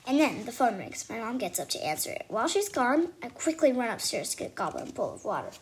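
A woman reading a children's storybook aloud in lively first-person narration with casual asides to listeners. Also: on the high side, fast, slight background noise. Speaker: storybook reader.

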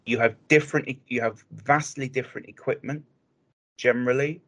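A man co-hosting a hobby podcast, speaking in a measured, explanatory way with frequent restarts. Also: mid-range voice, steady tone, a bit bright. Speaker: podcast co-host. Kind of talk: casual chat.

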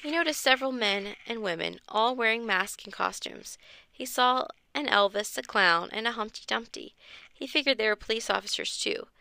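A woman's voice: a little high, normal speed, creaky, sharp tone. A woman reading a children's chapter book aloud with expression, raising her voice for the kids' lines. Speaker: storyteller.

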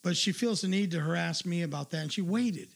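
Crude, profane male stream host; high, gravelly voice, rants. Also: a little fast. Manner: profane, ranting, loud asides. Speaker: livestream host. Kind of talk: crude casual storytelling.

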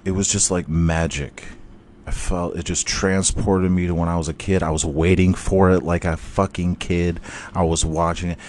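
A man's voice: sits low, moderate pace, slight background noise. A man hosting a casual solo sports podcast, ranting and storytelling with heavy swearing. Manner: profane, rambling, animated storytelling. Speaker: podcast host.

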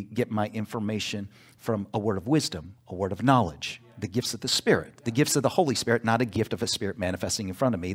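A male pastor preaching a sermon in church, emphatic, pausing for call-and-response asides. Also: lowish voice, husky.

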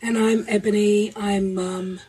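A middle-aged mum co-hosting a family podcast, teasing and playful. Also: female voice, mid-range voice, level tone, measured pace, mellow, far from the mic. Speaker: podcast co-host, mother. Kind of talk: casual family podcast chat. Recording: set back from the mic, faint noise.

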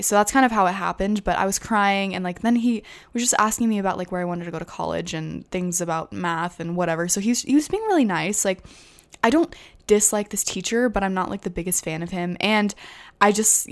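Chatty young woman telling a story. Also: mid-range voice. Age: young adult. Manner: chatty, full of "like" fillers, self-conscious laughs. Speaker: podcast host. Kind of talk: casual solo storytelling.

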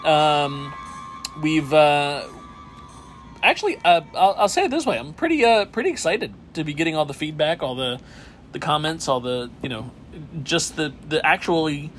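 A man's voice: fairly high pitch, very animated, moderate pace, a bit bright, faint music behind. A man co-hosting a casual podcast, hesitant and full of fillers as he chats. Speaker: podcast co-host. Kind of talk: casual chat.

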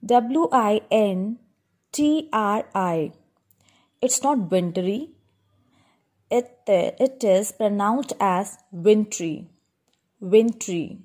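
A woman's voice: medium pitch, expressive, extremely slow, darkish tone. A woman teaching schoolchildren how to pronounce words, spelling each one out letter by letter and repeating it with a patient, instructive manner. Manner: instructive, addresses class directly. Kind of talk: pronunciation lesson for schoolchildren.

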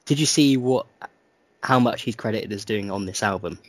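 A man's voice: on the low side, normal speed, no echo. A young man from Wales with a Welsh accent, co-hosting a podcast in crude, jokey casual chat. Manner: crude, jokey, laughs often. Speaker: podcast co-host.

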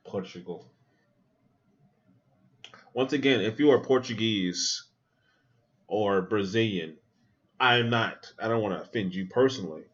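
Reacting to a film on his podcast, a man talks in an animated, profane way, musing aloud and tossing in asides. He has a fairly low-pitched voice, speaks a little slowly with frequent pauses, and the audio is dull.

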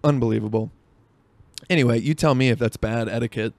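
A man's voice: medium pitch, a little fast, dry recording. Rambling young man telling a story. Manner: rambling, profane, lots of fillers. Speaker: podcast host. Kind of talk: casual storytelling monologue.

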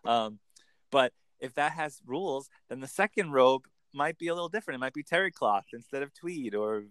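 A man working as an accent coach, chatting in an animated, storytelling way. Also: mid-range voice, clear, resonant tone, no room sound. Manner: animated, lively storytelling with quick bursts into put-on voices. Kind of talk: casual interview chat.

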